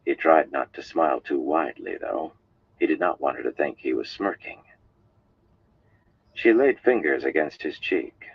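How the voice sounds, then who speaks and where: A man reading a fantasy novel aloud on a live stream, in a measured, unhurried storytelling manner. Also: a bass voice, expressive, gravelly, husky, no echo. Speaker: audiobook reader. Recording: dull lo-fi stream audio.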